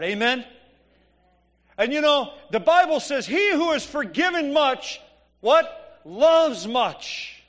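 A man's voice: extremely high pitch, fairly bright tone. A man preaching a sermon in a church, telling stories conversationally and asking the congregation "Amen?". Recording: long reverb of a church hall.

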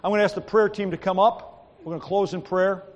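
A man's voice: sits high, fairly even intonation, brisk, lo-fi sound. A man as pastor giving a sermon, telling stories animatedly and acting out the people he quotes. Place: church sanctuary. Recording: long hall reverb.

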